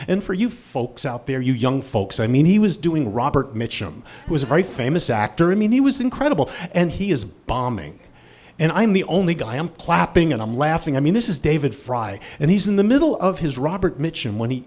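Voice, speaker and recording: A man in his fifties telling a personal story on stage, animated and self-deprecating. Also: mid-range voice. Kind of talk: live storytelling.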